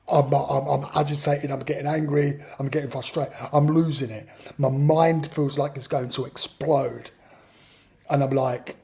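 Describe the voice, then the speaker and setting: A man's voice: medium pitch, gravelly, dark tone, slightly rough. A man telling a personal story in an exasperated, ranting way. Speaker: vlogger. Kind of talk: personal account monologue.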